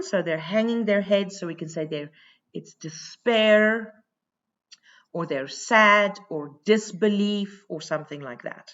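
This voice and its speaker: A woman teacher giving a recorded lesson, thinking aloud as she goes and pausing often with fillers. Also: medium pitch, a bit bright, lo-fi sound.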